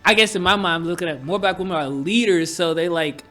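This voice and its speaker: A man co-hosting a podcast who speaks in a thoughtful, hesitant and halting way in casual chat. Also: high voice, sharp tone, soft background music. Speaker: podcast co-host.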